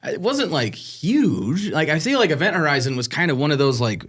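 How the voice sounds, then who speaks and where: A man's voice: a little high, big pitch swings, normal speed, a bit bright, breathy edge. A man co-hosting a casual podcast, talking eagerly in loose run-on thoughts. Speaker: podcast co-host. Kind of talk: casual chat.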